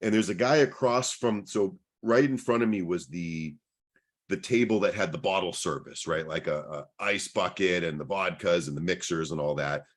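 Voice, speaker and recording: Low-voiced man telling a long story. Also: moderate pace. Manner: long anecdote full of acted-out quoted dialogue. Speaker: podcast co-host. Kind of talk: casual storytelling.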